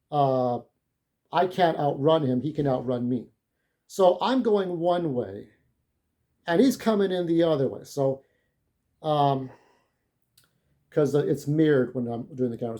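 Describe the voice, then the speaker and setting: A man's voice: a little high, mellow. A shaken-up man telling an angry, profane story about a confrontation in a vlog. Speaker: vlogger. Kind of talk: ranting vlog monologue.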